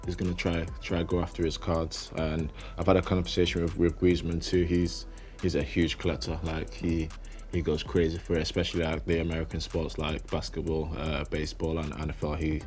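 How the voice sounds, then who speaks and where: A young man with a low, flat voice answers questions in an easygoing, halting way, often repeating words as he finds them. Soft music plays underneath. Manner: relaxed, repeats words as he thinks, laughs easily. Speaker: professional footballer and card collector. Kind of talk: casual interview chat.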